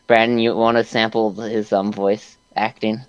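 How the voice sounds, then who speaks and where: A man's voice: lowish voice, little pitch movement, moderate pace, smooth, no room sound, muffled recording. A young man animatedly retelling a game session in casual chat, laughing and using many fillers. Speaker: podcast co-host recapping a game.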